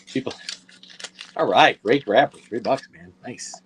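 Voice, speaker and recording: A man hosting a live toy auction with easygoing, chatty patter. He talks straight to the viewers, slips in quick asides and fixes his own slips as he goes. His voice sits at a middle pitch for a man. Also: background noise.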